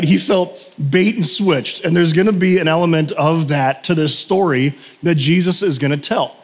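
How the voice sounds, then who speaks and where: Chatty man preaching in a reverberant hall. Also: a little high. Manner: chatty, storytelling, laughs often, lots of fillers. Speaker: pastor. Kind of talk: casual conversational sermon. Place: church sanctuary.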